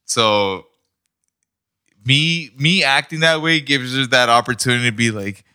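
A man on a podcast, talking in a relaxed, reflective casual chat and asking probing questions. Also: medium pitch, a little slow, clear, resonant tone. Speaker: podcast co-host.

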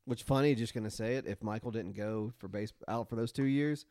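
A man's voice: lowish voice, fairly quick, dark tone, dry recording. A man co-hosting a casual sports podcast, laid-back with dry remarks. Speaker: podcast co-host.

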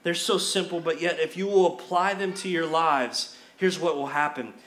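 A man's voice: on the high side, normal speed, fairly bright tone. A man preaching a sermon as pastor, leading the congregation in call-and-response with emphatic repetition. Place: church sanctuary. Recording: echoey church hall.

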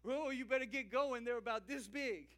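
Joke figure: excited Cajun wagon man, high voice, a man puts him on. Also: normal speed. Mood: alarmed.

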